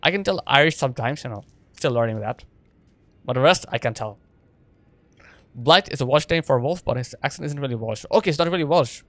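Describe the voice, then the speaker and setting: A man's voice: medium pitch, animated, brisk, fairly bright tone, dry recording. A man giving casual gameplay commentary as a streamer, rambling and chatty with lots of fillers. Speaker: game streamer.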